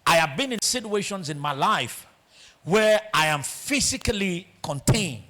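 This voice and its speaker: Animated Nigerian man telling a story. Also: sits high, measured pace. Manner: storytelling, animated, swings between loud and hushed. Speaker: guest speaker. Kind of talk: motivational talk. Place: large auditorium.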